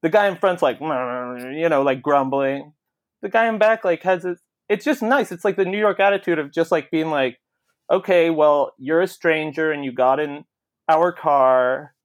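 Animated, swearing male storyteller. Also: a little high, moderate pace. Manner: animated storyteller, swearing, acting out quoted voices. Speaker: podcast co-host. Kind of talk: casual storytelling chat.

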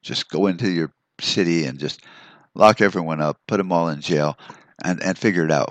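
A man's voice: low-pitched, animated, moderate pace, a bit bright, dry recording. A man hosting a solo podcast, delivering a profane, rambling rant full of restarts. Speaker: podcast host. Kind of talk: ranting solo podcast monologue.

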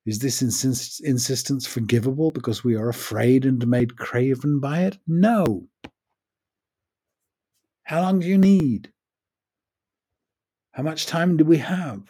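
A man's voice: medium pitch, moderate pace, few pauses, warm tone, breathy edge. A man in his sixties, raised in the United States, giving a wry, opinionated spoken essay on his own podcast.

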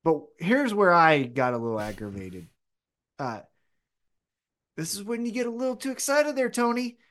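Talking things through as co-host of a laid-back wrestling podcast, this man is rambling and opinionated and keeps restarting his sentences. He has a high-pitched voice with big pitch swings, a fairly bright tone, and normal speed.

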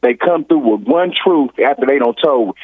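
A man's voice: medium pitch, animated, moderate pace, husky, no echo. A man from Ohio calling in, rambling and tacking "or whatnot" onto everything. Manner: rambling, says "or whatnot" constantly. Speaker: caller. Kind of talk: rambling phone call. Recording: tinny phone line.

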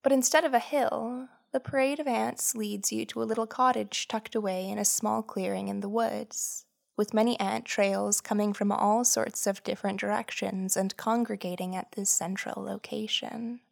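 A woman hosting a podcast, giving scripted, measured narration that explains ideas and tells a story. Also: mid-range voice, steady tone, creaky.

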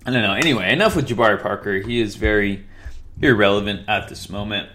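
Rambling young man, low voice. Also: fast, a bit bright, slight background noise. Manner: rambling, self-correcting, with frequent fillers. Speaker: podcast host. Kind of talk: casual solo sports podcast.

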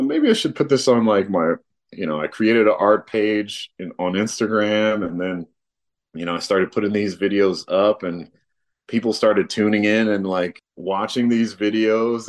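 A man talking casually in an interview, relaxed and rambling, with lots of fillers. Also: lowish voice. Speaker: guest, artist and father.

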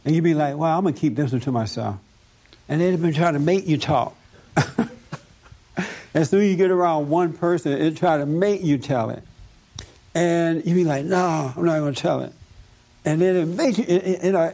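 A man leading a group talk, telling a story in a lively way and laughing often. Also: a little high, moderate pace. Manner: animated, laughs often, acts out other voices. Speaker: discussion group leader.

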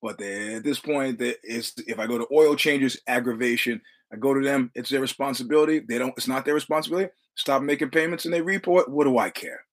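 Brief: male podcast host, mid-pitched, casual storyteller, swears freely, hammers lines by repeating them. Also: fairly quick, hardly any pauses. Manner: profane, repetitive, punchy delivery.

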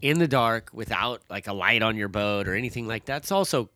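A man's voice: fairly low pitch, animated, brisk, sharp tone, no room sound. A man casually telling a long story about a hike, with many fillers and restarts. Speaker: guest, father telling a hiking story.

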